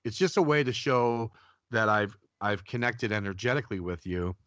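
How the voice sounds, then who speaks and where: A man's voice: lowish voice, moderate pace, fairly bright tone, no room sound. A man, a psychic medium guest on a radio show, telling rambling anecdotes in casual talk and acting out the people he quotes. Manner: rambling, many restarts, acts out quotes. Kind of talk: casual radio interview storytelling. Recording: dull lo-fi radio audio, dry.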